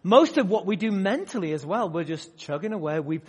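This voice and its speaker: Animated preacher with a high, lively voice. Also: male voice, brisk, slightly rough. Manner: animated, swings from loud emphatic bursts to quiet asides; asks the audience direct questions. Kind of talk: sermon. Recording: long hall reverb.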